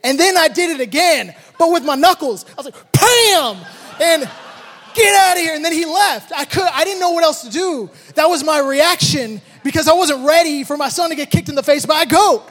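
A man with an unusually high voice tells a story about his family, acting out each beat with shouted sound effects. His words ring out with the long reverb of a large hall. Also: a little fast, hardly any pauses. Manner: animated, acts out the moments with shouted sound effects. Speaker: father telling a personal story. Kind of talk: storytelling talk with a life lesson.

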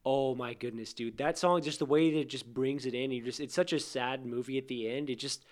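A young man co-hosting a casual chat, animated and emotional, sometimes dropping to a whisper. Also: mid-range voice, brisk. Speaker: podcast co-host.

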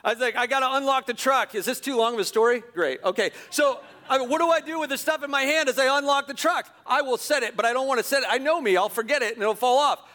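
Animated high-voiced pastor in a hall. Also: male voice, fast talker, hardly any pauses. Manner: animated storytelling, self-deprecating, chuckling. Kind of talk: sermon with personal story. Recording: long hall reverb.

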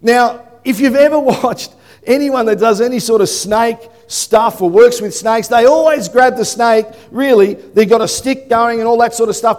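Male preacher, lively storyteller who breaks into shouts; unusually high voice, long echo of a church hall. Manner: animated storytelling, bursts into shouting. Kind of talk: sermon.

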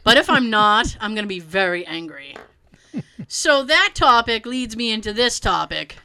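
A woman in her thirties hosting a casual chat, animated and profane, laughing often. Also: mid-range voice, moderate pace, slight background noise. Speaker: podcast host.

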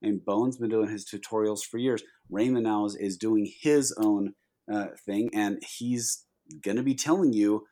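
Guy with a lowish voice chatting on a pinball podcast, animated, lots of ums. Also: normal speed. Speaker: podcast co-host. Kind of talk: casual chat.

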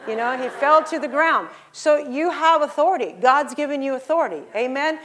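A middle-aged woman preaching a sermon, telling stories and acting out the voices in them, rising to loud exhortation. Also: high voice, expressive, brisk. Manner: acts out voices in her stories.

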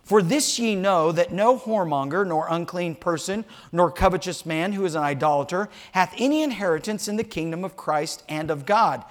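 A man's voice: high-pitched, moderate pace, hardly any pauses. An older man, a pastor preaching a sermon in church, telling homespun stories and joking with the congregation. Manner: animated storytelling with asides to the congregation. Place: church sanctuary.

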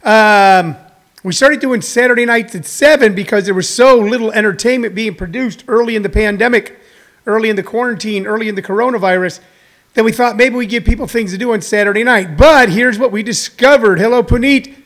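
A man's voice: high-pitched, a little fast, fairly bright tone. A middle-aged man hosting a live talk show, rambling and chatty with jokey asides, a little out of breath. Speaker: host.

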